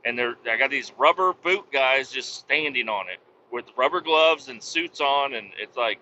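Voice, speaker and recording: A man's voice: medium pitch, animated, moderate pace, bright, forceful tone. A man telling a story in a rambling, profane, exasperated way, as host of a casual podcast. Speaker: podcast host and vac truck operator. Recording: dull lo-fi sound with faint noise.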